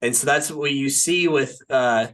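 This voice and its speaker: In an unhurried, slightly bright mid-range voice, this young podcast co-host rambles through a casual film discussion. His talk is packed with fillers, with "like" and "right?" coming up again and again.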